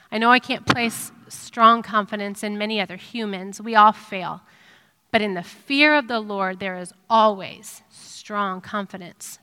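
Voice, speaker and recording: A middle-aged woman giving an earnest, reflective devotional sermon, pausing with ums. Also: medium pitch, bright, forceful tone, smooth. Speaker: speaker giving a devotional talk. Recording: long reverb of a hall.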